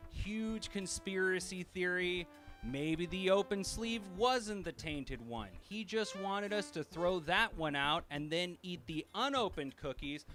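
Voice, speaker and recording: A man's voice: high-pitched, fairly bright tone. A man doing a stand-up comedy routine, ranting in a profane, incredulous way.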